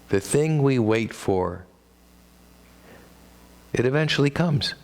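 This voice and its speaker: A man with a Midwestern American accent performing a one-man stage monologue, with wry, self-deprecating dad-joke humor and pitch that jumps for comic emphasis. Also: vocal fry.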